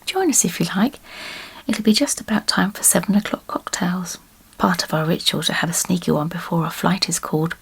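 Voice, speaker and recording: A woman whispers as a naughty, cheeky older woman, full of mischief and laughter. This is a whispered role-play in a gravelly, breathy hush, pitched a little low. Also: brisk, heavily acted. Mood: cheerful.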